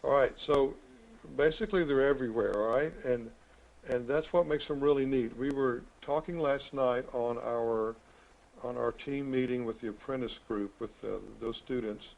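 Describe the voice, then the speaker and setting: A man's voice: medium pitch, normal speed, vocal fry. A man hosts an online real estate coaching call, talking in a folksy, rambling, chatty way. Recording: tinny phone-like web call audio.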